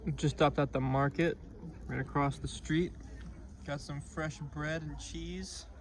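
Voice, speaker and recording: A young man talks into a handheld camera as he hikes a mountain trail, chatty and upbeat, with fillers here and there. His voice sits a bit high and stays level without much rise and fall. Outdoor noise runs clearly under the whole recording. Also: fairly even intonation, a little slow. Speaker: hiker filming his own trip. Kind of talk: casual vlog narration. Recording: noisy outdoor camera audio.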